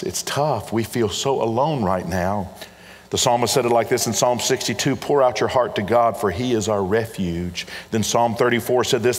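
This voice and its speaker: A man preaches a sermon in an earnest, pastoral tone, circling back to repeat his key phrases. His voice sits at a middling pitch for a man. It rings out with the long reverb of a large church hall. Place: church auditorium.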